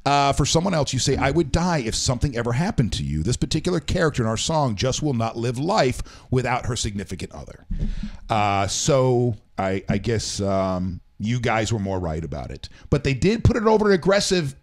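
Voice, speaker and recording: Lively-pitched man hosting a chat show. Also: normal speed. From American South. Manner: rambling, self-correcting, reads quotes aloud. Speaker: show host. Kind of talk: casual radio show chat.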